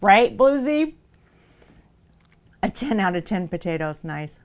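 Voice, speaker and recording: A woman who makes soap, chatting casually on a livestream. She tells playful stories in an animated way, and her voice rises and falls a lot. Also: mid-range voice, takes it slowly. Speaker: soap maker streaming live.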